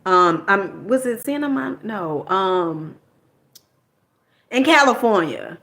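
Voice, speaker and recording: A woman's voice: mid-range voice, lively intonation, slow, fairly bright tone. A middle-aged woman from New Jersey telling a personal story in a casual, colloquial way, tossing in "okay?" and mild swearing.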